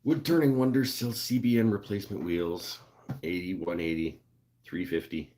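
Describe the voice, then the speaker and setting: A man with a low, slightly mellow voice speaks at a moderate pace while hosting a relaxed livestream from his woodworking shop. He reads viewer comments and jokes around loosely, full of fillers and laughs.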